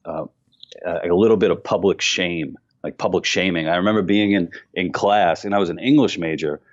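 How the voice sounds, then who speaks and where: A man with a very low voice and a faint New York accent, talking as a guest on a podcast. He tells stories in an animated way, pokes fun at himself and restarts his sentences often. The recording sounds a little dull and lo-fi. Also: normal speed. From Queens, New York. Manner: animated storyteller, self-mocking, many restarts. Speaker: comedian guest. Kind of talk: casual podcast interview.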